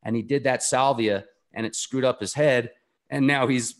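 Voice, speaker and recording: A man's voice: medium pitch, brisk. Earnest, rambling man telling a story. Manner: earnest, enthusiastic, rambling delivery. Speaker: interview guest. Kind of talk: casual conversational storytelling.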